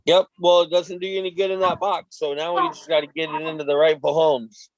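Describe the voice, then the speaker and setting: Guy with hiccups coaching his team on a call, slightly high voice, dull dry sound. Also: a little fast, no room sound. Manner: relaxed, rambling advice with restarts. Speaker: team leader. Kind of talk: casual coaching chat.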